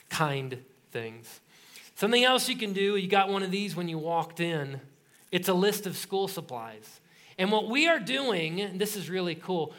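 Middle-aged guy preaching, animated storyteller, voice on the higher side. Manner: animated storytelling with laughs and acted quotes. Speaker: pastor. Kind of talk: sermon.

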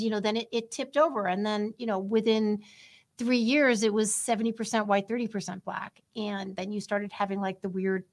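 A middle-aged woman from the United States, talking casually as a guest, with lots of fillers and asides. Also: a little high. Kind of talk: casual conversation.

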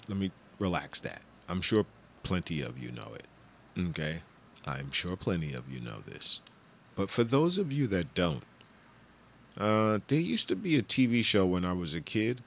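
A middle-aged man hosting a podcast, rambling in casual chat, laughing and swearing, with bursts of shouted impressions. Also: deep voice. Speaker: podcast host.

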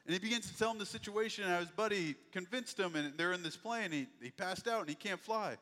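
A man's voice: sits high, fairly quick, sharp tone. A man preaching a sermon, telling a story animatedly and acting out the voices of the people in it. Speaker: pastor. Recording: echoey hall with long reverb.

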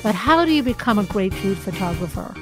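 A woman hosting an interview, reading a measured scripted introduction and asking questions. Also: medium pitch, sing-song, music in the background. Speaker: podcast host.

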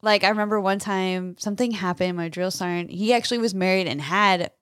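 A woman in her thirties telling stories in a casual podcast chat, animated and laughing often. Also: mid-range voice, a little fast, clear, resonant tone, no room sound, studio quality. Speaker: podcast co-host.

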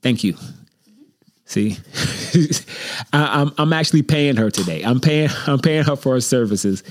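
Guy rambling on his own home show, desk mic, jokey and self-deprecating, mumbles his inner critic low. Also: lively intonation, unhurried, slight background noise. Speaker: host. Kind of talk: casual solo monologue. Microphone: desk microphone.

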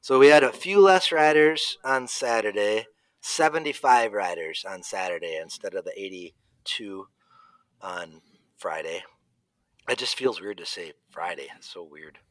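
Chatting casually on a podcast about a race, a male co-host speaks a little slowly in a fairly low voice. He tells stories animatedly, laughing often and acting out both sides of the conversations, and the recording is dry.

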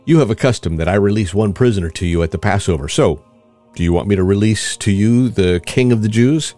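A man's voice: on the low side, a little fast, mellow, soft background music, lightly acted. A man reading aloud the lines of a Roman governor, uneasy and pressing, in a rising, questioning delivery.

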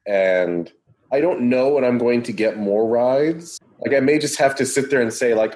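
A man with a fairly low voice hosts a laid-back podcast conversation. He talks at length in an easy, chatty way and turns to his guests with questions. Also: normal speed. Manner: relaxed, chatty, asks the others questions. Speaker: podcast host. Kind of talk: casual chat.

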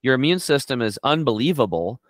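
A middle-aged man, a guest on a health talk show, tells stories in an energetic, conversational interview. He's an animated storyteller who acts out quotes with big, sudden pitch jumps, speaking a little fast with no echo.

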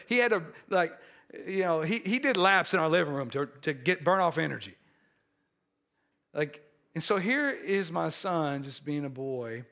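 Earnest, storytelling preacher man. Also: a little high. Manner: storytelling, shifts from animated to quiet and earnest; restarts and repeated words. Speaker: pastor. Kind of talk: sermon.

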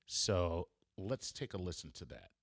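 A man's voice: low-pitched, sing-song, unhurried, breathy edge, no echo. A man who is a comedian hosting a podcast from a room at home, delivering a casual comedic monologue in a sarcastic, joking way.

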